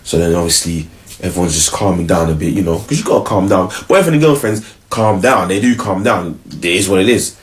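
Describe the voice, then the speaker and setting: A man's voice: low-pitched, a little fast. A man giving casual relationship advice, slangy and acting out both partners.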